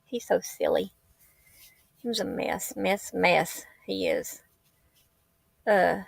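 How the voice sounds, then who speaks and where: A woman's voice: medium pitch, vocal fry, no room sound. A woman, rambling and heartfelt in a tearful casual livestream chat. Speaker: livestream host. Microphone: laptop or phone mic.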